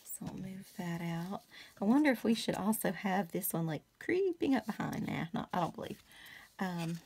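A woman chatting casually to her viewers while she crafts, rambling with many fillers and soft asides. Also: medium pitch, sing-song, normal speed, vocal fry, a little hiss or hum. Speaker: craft vlogger.

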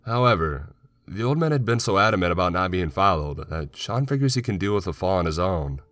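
A man narrating a horror story in a slow, measured way. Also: lowish voice. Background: soft music.

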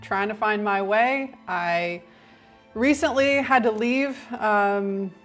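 A woman's voice: mid-range voice, slow pace, soft background music. Blunt woman playing a half-orc. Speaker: player. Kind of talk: playing a half-orc character at a tabletop game.

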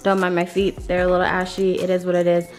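A woman's voice: monotone, quick pace, darkish tone, soft background music. A woman in her twenties chatting casually to camera in a home vlog, talking to her dogs at times. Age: 20s. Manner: chatty, talks to her dogs in a high sing-song voice. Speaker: vlogger. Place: home, bathroom and workout room.

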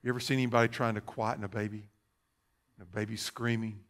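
Bright-voiced, fervent preaching man. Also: on the low side, flat delivery, fast. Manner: dramatic swings between fervent loudness and hushed near-whispers. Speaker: pastor. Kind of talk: sermon. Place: church.

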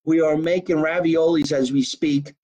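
A man hosting a casual live podcast from a basement, talking in an animated, profane way as he plugs a local deli. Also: a little high, normal speed, low-quality recording. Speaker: podcast host. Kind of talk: casual live-stream chat.

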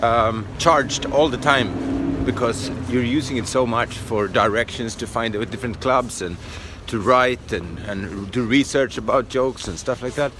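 A middle-aged man from Sweden with a Swedish accent, a comedian talking casually to camera in a halting, self-deprecating way with many fillers. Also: mid-range voice, background noise. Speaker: comedian vlogger. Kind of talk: casual vlog talk.

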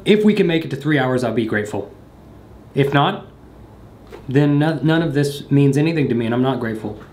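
Lively joking man talking to camera. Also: mid-range voice, a little hiss or hum. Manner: rambling, jokey, self-mocking. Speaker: vlogger. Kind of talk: casual monologue to camera. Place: room in a house.

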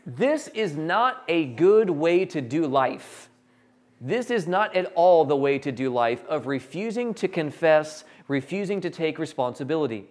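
A man preaching a sermon, animated and jokey, acting out characters in quick quotes. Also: on the high side. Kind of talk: sermon with acted Bible quotes.

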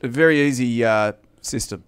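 An Australian man hosts a podcast and ribs his guest in a friendly, chipper way. He speaks at a middling pitch. The studio sound is dry and close to the mic. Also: moderate pace, clear, resonant tone, dry recording. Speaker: podcast host. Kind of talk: casual chat.

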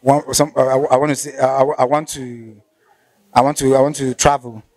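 A man with a Nigerian accent interviewing a guest, polite and measured but stumbling when he improvises. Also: medium pitch, little pitch movement, a little mellow, dry recording. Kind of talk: casual interview questions.

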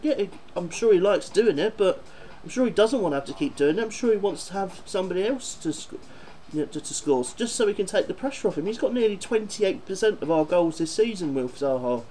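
A man's voice: sits high, animated, fairly quick, hardly any pauses, warm tone, slight background noise, low-quality recording. A man doing a football fan video, ranting and swearing in exasperation about his team.

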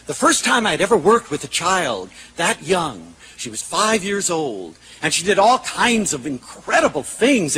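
A man giving a public lecture to an audience. He tells stories in an animated way, with self-mocking humor. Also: sits high, slight background noise, low-quality recording.

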